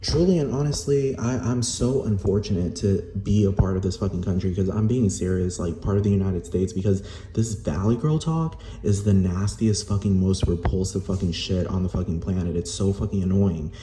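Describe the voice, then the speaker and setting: This low-pitched, dark-toned man barely pauses as he goes at a moderate pace, heatedly cursing on camera and peppering everything with "like." He's a Spanish-speaking vlogger from Puerto Rico, recorded in a roomy space with slight hiss or hum.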